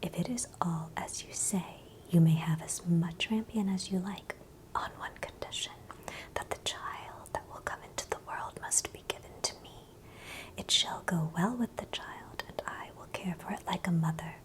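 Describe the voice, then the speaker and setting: A stern witch demanding her price, as a woman whispers her in a whispered role-play. The voice stays a breathy, unvoiced whisper, slightly low for a woman. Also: normal speed, lightly acted, low-quality recording.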